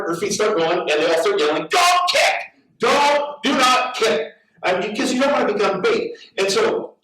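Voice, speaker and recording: Preaching a sermon full of storytelling, a middle-aged pastor with a fairly high male voice grows animated and stumbles over repeated words while building up. He's heard from a distance, the microphone well away from him in a strongly echoing church hall.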